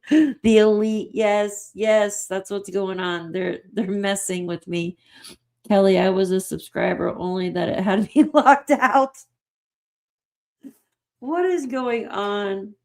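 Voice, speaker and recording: Slow-talking, giggly woman streamer. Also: mid-range voice. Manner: laughs often, giggly and excitable. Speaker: livestream host. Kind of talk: casual livestream chat reading comments.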